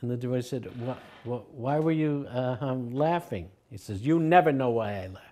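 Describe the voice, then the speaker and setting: Older man, anecdotal storytelling, mid-pitched voice, acts out quotes, chuckles. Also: moderate pace, dark tone. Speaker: disciple recalling his teacher.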